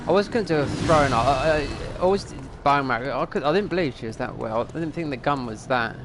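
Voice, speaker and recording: A middle-aged streamer gives casual gameplay commentary in a voice on the high side, brisk and lively in intonation, with background noise. He rambles and thinks aloud about the game, occasionally swearing at it.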